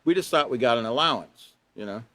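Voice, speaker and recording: A man's voice: medium pitch, animated, fast talker, a bit bright, dry recording. A man in his sixties giving a live online class lecture on character education, folksy and rambling with chuckles and asides, and emphatic when he stresses rules.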